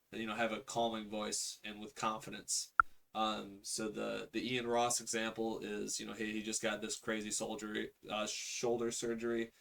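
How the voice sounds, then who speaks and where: A man walks through a sales call script on screen, acting out each sample line in a casual, conversational way. His voice sits low with a gravelly edge, and the delivery stays fairly flat. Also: noisy background. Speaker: real estate sales coach. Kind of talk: instructional screen walkthrough.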